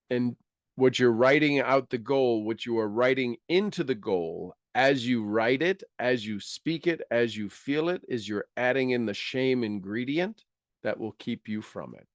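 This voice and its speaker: A man's voice: mid-range voice, measured pace, no room sound, studio quality. A man giving a motivational coaching talk, acting out quoted voices and laughing often.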